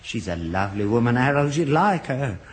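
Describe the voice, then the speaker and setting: Older man, earnest and gullible father type, lively pitch, old radio sitcom with light hiss. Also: brisk. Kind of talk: 1960s British radio sitcom acting.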